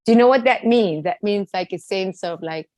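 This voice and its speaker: A South African woman telling stories with a lively, chatty manner and acting out the people she quotes. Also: medium pitch, normal speed, no echo, poor audio. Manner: lively storyteller, quotes people in different voices. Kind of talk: casual chat.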